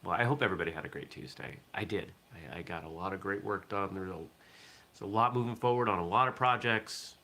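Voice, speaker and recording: A man's voice: low-pitched, brisk, sharp tone. A man from southern Maine hosting a casual morning live stream, chatting in a rambling way and reacting to viewer comments. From southern Maine, USA. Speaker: host of a martial arts morning show.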